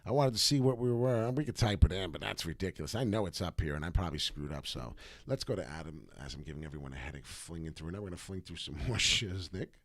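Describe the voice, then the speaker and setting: A man's voice: deep voice, lively intonation, fast talker, fairly bright tone, dry recording. A man hosting a live crypto market stream, brash and hype-driven, swearing casually as he talks. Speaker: crypto livestream host.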